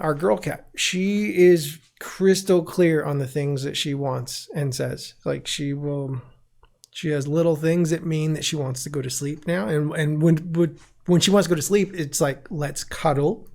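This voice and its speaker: A man hosts a loose comedy panel chat. His voice has a gravelly, fry-laden edge. He laughs a lot and jumps into quick silly impressions. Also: fairly high pitch. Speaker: host.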